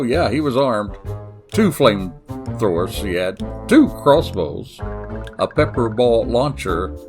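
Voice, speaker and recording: Southern guy hosting a crime podcast, folksy and dramatic, voice jumps up and down a lot. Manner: folksy, dramatic storytelling with sudden pitch swings. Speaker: podcast host. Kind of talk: true-crime podcast narration.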